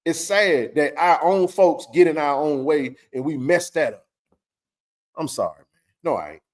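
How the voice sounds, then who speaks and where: A man's voice: fairly high pitch, lively intonation, measured pace. A man hosting a sports talk stream, ranting bluntly in casual, profane talk. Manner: heated, blunt ranting with frequent swearing.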